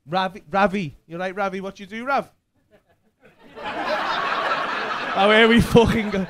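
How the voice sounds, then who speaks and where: A man's voice: high-pitched, fairly even intonation, measured pace. A man doing brash, sweary crowd work as a stand-up comedian on a club stage. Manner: brash, sweary, teasing banter. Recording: live club audio with crowd laughter and noise.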